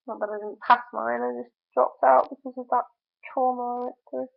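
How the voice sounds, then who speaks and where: Gravelly young woman venting on a tinny mic. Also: fairly high pitch, level tone, normal speed. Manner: venting, frustrated, many fillers. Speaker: vlogger. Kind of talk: casual video diary. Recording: tinny phone-like audio.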